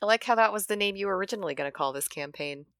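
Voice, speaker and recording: A woman's voice: medium pitch, expressive, rapid-fire, fairly bright tone. A woman playing a tabletop game who reacts playfully to each turn of the game. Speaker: player. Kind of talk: casual chat at a game table.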